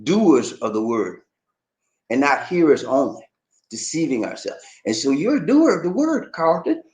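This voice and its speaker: A man's voice: fairly high pitch, big pitch swings, normal speed, darkish tone. A middle-aged man hosting his channel, reading viewer comments aloud and quoting scripture in a preacherly way. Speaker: channel host. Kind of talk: casual livestream chat. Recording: roomy echo.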